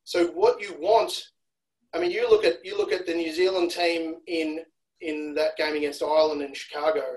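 Male analyst guest from Australia, casual podcast chat, slightly raised pitch, analytical delivery. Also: level tone, normal speed, rough recording. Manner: analytical, repeats words when restarting.

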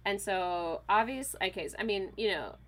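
A woman in her thirties, a podcast guest, telling a weekend story in a casual, animated way, full of fillers and quoted voices. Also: mid-range voice, normal speed. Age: 30s.

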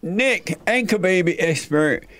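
A man's voice: sits high, animated, takes it slowly, fairly bright tone. An older man hosting a casual radio talk show, teasing his guests, laughing often and repeating his points.

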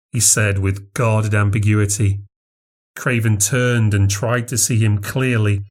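A man narrating a horror story in a measured, unhurried reading. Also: fairly low pitch, fairly even intonation, darkish tone.

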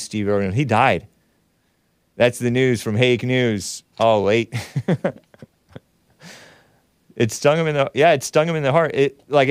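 A man's voice: mid-range voice, no echo, clean studio sound. A man hosting a call-in talk show, rambling with wry asides and frequent self-corrections. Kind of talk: casual call-in show chat.

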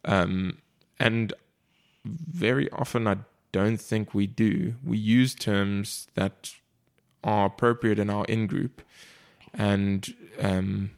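Slow gravelly-voiced man reflecting. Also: on the low side, steady tone. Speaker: podcast co-host discussing a book. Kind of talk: casual discussion.

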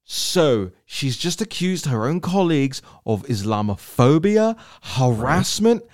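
A man hosting a casual political podcast. He talks in an animated, joking way and speeds up in rapid bursts. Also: on the high side. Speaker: podcast host.

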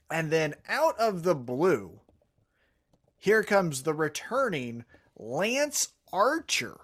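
Man, podcast co-host, casual chat, opinionated, animated, swooping pitch. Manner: animated, opinionated, fast-talking.

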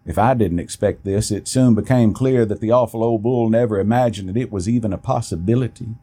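A man reading a first-person story aloud in a plain, steady way, with an occasional restart. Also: fairly low pitch, a little fast, breathy edge.

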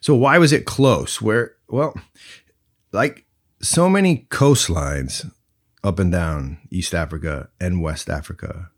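A man's voice: deep voice, animated, slow. A man hosting a solo podcast, talking in a playful, reflective way that moves between jokes and musing. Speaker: podcast host.

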